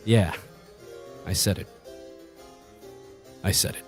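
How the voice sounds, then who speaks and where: A man voicing a smug, rakish young rogue prince who talks low and dismissive. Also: slow pace, faint music behind, close to an everyday voice. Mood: muttering.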